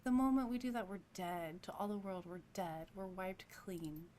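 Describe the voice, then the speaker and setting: A woman doing a volatile young ex-cop in a video game, grieving and quick to snap, swearing through angry rants. The voice sits fairly high, with a faint hiss behind it. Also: darkish tone, close to an everyday voice. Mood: bitter.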